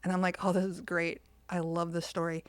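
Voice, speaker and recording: Woman, podcast co-host, chatty animated storyteller, slightly low voice, dry close sound. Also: brisk, no room sound. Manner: animated storyteller, acts out quoted lines. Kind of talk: casual storytelling chat.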